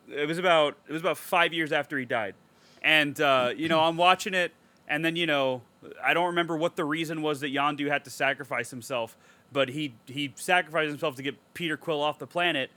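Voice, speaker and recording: Bright-voiced excitable podcast guy. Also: fairly high pitch, normal speed, dry recording. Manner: animated, profane, emotional storytelling. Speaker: podcast co-host. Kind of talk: casual podcast chat.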